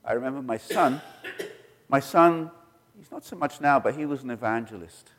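A middle-aged man preaching a sermon, telling stories and acting out the quoted voices with sudden leaps in pitch. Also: moderate pace, slight background noise. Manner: animated, acts out quoted voices with jumps in pitch. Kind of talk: sermon storytelling. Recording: long hall reverb.

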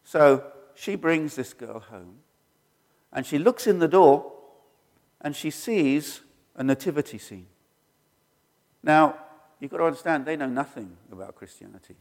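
A middle-aged male preacher tells sermon stories in a fairly high, lively voice that swings all over. He mimics the people he quotes with sudden jumps in pitch. His voice rings through a church hall with a long reverb tail. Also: measured pace. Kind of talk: sermon storytelling.

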